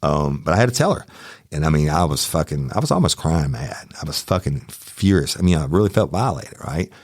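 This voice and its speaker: A middle-aged podcast host with a Southern Louisiana accent tells a heated true crime story, swearing often and quoting back-and-forth exchanges. His rumbling low voice is recorded clean in a studio with no room sound.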